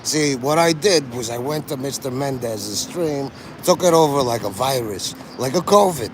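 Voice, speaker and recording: A man with an animated, mid-range voice livestreams outdoors in a city at normal speed, with background noise around him. He rambles casually, cracks jokes, and laughs at them himself.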